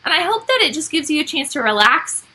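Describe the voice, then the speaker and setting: A woman's voice: high voice, sing-song, quick pace, sharp tone, poor audio. A woman music teacher giving a recorded online lesson to young children, upbeat and explaining step by step.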